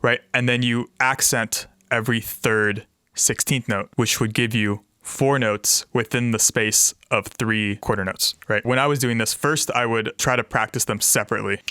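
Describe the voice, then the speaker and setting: A man's voice: mid-range voice, fairly even intonation, normal speed, pushed and bright, clear, resonant tone, no echo, studio quality. A man casually explaining guitar practice to a fellow player, often scatting rhythms aloud with "da" syllables. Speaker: guitarist co-host. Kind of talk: casual instructional chat.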